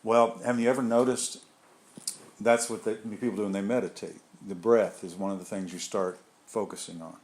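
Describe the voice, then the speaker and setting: A man with a somewhat low voice leads a small group through an informal spiritual talk. He rambles in a loose, conversational way, doubling back and adding asides as he goes. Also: steady tone, normal speed, darkish tone. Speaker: group leader.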